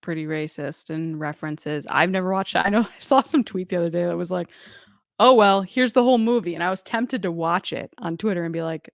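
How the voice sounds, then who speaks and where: A woman co-hosting a casual podcast chat, bubbly and quick to laugh. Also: fairly low pitch, creaky, dry recording, studio quality. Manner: bubbly, laughs often, slips into voices. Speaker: podcast co-host.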